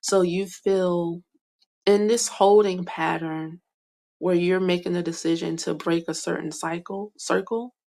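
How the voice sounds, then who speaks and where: A young woman giving a soft, hesitant spiritual card reading, full of fillers and whispered asides. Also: fairly low pitch, steady tone, a little slow, vocal fry. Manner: whispers names to herself while reading cards. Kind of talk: slow meandering card reading monologue.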